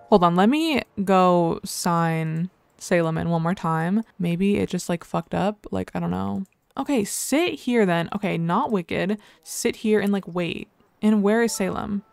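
A woman's voice: lowish voice, unhurried, gravelly, faint music behind. A young woman casually commenting on her life-sim game as she plays, rambling and full of filler words, now and then squealing over cute moments. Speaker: let's play creator.

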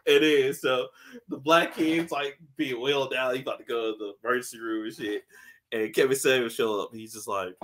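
A man's voice: mid-range voice, brisk, slight background noise. A man co-hosting a podcast in casual chat, animatedly retelling a TV episode and swearing freely. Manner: animated storyteller, acts out scenes, laughs often, swears. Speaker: podcast co-host.

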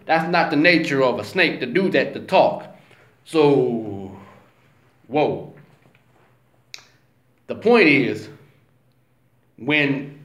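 A man giving a slow, emphatic, conversational religious talk as a vlogger, often checking in with his listener. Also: a little high, a bit bright. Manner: slow, emphatic, conversational, says "you know what I'm saying". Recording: roomy echo.

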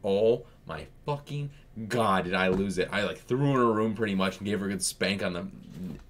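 A man's voice: low-pitched, fairly quick, a little hiss or hum. A man co-hosting a reaction channel, telling an exasperated, swearing story about parenting. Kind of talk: casual storytelling chat.

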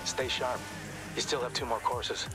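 A man's voice: mid-range voice, measured pace, loud music behind the voice, natural voice. A man playing a dry, level-headed hacker sidekick. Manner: dry, teasing, calm.

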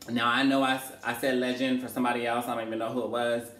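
A man's voice: medium pitch, little pitch movement, racing, hardly any pauses, fairly bright tone, recorded from a distance. A sassy, theatrical man hosts a casual chat, tossing out "honey" and "girl" as he goes. He sits some way from the mic in an echoey room, and a faint hiss runs under his voice. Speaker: podcast host.

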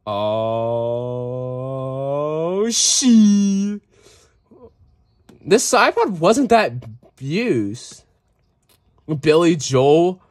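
Young male vlogger, excitable and profane, drawn-out pace, a bit high-pitched. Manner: excitable, swears, breaks into off-key singing. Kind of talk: casual reaction vlog.

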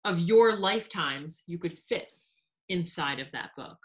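Animated woman reading a storybook. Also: fairly low pitch, unhurried. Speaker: co-host reading to children. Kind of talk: storybook read-aloud and chat.

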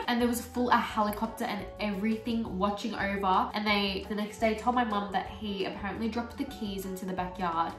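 Young Aussie woman, beauty vlogger, chatty and filler-heavy, roomy echo with faint music behind. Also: medium pitch. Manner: chatty, full of "like" fillers, lively storytelling. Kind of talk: casual get-ready-with-me chat. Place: small bedroom filming setup. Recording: roomy echo, mic at a distance, soft music.

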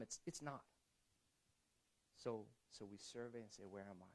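A man preaching a conversational sermon as a pastor in a church, often restarting phrases and swinging from quiet to emphatic. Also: high voice, animated, fairly quick, poor audio.

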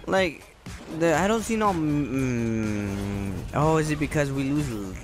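A man giving casual, excitable and playful commentary over his own gameplay. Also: mid-range voice, takes it slowly, soft background music. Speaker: gamer commentator.

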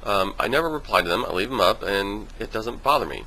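Guy vlogging a rant, bright edgy voice, swears a lot. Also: a little fast, rough recording. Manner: animated, mimics others in high voices; swears freely. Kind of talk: casual vlog rant.

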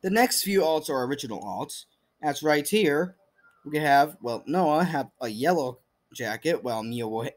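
A young man giving a casual voice-over about fan-made game movesets, rambling and self-deprecating with many fillers and restarts. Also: mid-range voice. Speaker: video creator presenting fan movesets. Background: faint background music.

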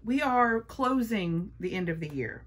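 A woman vlogger chatting casually through a makeup haul, gushing and playful, sometimes dropping to a hush. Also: mid-range voice, expressive, measured pace. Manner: gushing, playful, talks to her palettes.

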